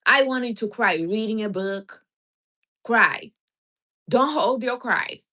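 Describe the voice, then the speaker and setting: A woman's voice: fairly high pitch, animated, slow pace, bright, forceful tone. Blunt, teasing woman hosting a livestream. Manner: blunt, teasing advice with non-native grammar. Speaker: livestream host. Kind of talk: casual livestream chat.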